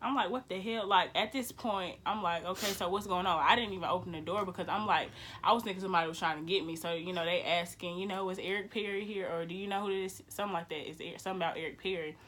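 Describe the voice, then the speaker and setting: Young woman, vlog storytelling, blunt, swears, bright forceful voice. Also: lowish voice, fast, a little hiss or hum. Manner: blunt, animated, swears freely. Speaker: vlogger. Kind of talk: emotional storytelling.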